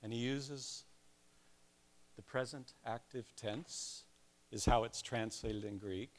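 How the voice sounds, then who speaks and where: A man's voice: medium pitch, fairly even intonation, slow pace, slight background noise. An older man preaching a sermon in a conversational way, with self-deprecating asides and personal stories. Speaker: pastor.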